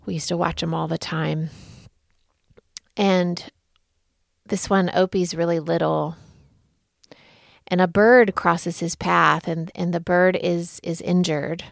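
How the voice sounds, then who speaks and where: Slow, gravelly-voiced reflective woman. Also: fairly low pitch, fairly even intonation, dry recording, studio quality. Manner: gentle, unhurried storytelling. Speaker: podcast host. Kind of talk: reflective spoken talk.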